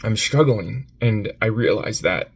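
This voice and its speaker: Upset man, halting, low-voiced. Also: lively intonation, husky. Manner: halting, repeating himself, with sighs. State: upset and near tears. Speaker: vlogger. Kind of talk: personal confessional vlog. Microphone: phone.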